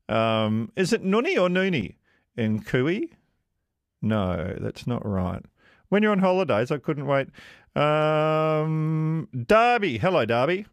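A man hosts a radio quiz, his fairly high voice rising and falling a lot as he chats with callers. He talks in a chatty, self-deprecating way. The studio sound is close and dry. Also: no echo. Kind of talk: casual radio chat with callers. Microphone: studio microphone.

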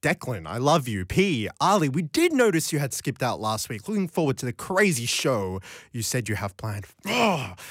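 Aussie guy in his 20s doing late night radio, playful and chatty, pitch jumping all over, dry close mic. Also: moderate pace, no room sound. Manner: animated, playful, chatty with the listeners. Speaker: radio host. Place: radio studio. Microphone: studio microphone.

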